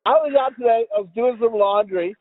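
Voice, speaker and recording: A podcast host rambles through crude, casual chat, swearing and laughing a lot. His very high-pitched voice runs a little fast, and the recording is dry with a tinny, phone-like sound.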